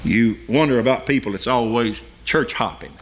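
A man preaching a sermon as pastor, building to loud emphatic peaks and then dropping to quiet asides. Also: medium pitch, moderate pace.

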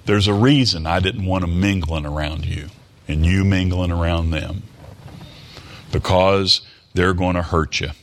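A man's voice: low voice, fairly even intonation, measured pace, a little hiss or hum. A man preaches a sermon, moving between scripture reading and plain explanation. He talks in a folksy, conversational way and checks in with his hearers through rhetorical tag questions.

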